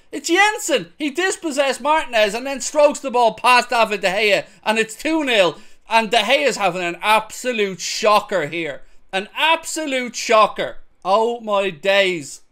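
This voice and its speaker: A young man commentates on football highlights. His pitch leaps around as he moves from sarcastic asides to whooping cheers. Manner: swings from sarcastic mutters to loud whooping cheers. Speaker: football fan reaction host. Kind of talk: excited match-highlights reaction commentary.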